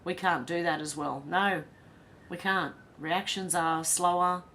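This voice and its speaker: A woman born in Ireland hosting a livestream, reading viewer comments aloud and answering with quick, chatty asides. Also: on the low side, fairly even intonation, pushed and bright, slight background noise. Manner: reads comments then reacts with quick asides and laughs. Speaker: livestream host reading chat.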